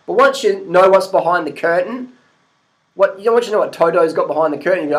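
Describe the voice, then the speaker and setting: A middle-aged man vlogging in a loose, animated rant, swearing freely and laughing at people he disagrees with. His voice sits a little higher than most men's. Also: brisk, low-quality recording. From Australia. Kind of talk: casual rant to camera.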